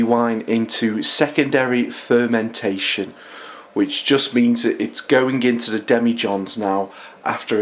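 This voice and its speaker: A man's voice: mid-range voice, steady tone, a little slow, slight background noise. A man with a nasal voice from a cold, chatting casually through a home winemaking how-to, with lots of ums and small restarts. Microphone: handheld camera, no tripod.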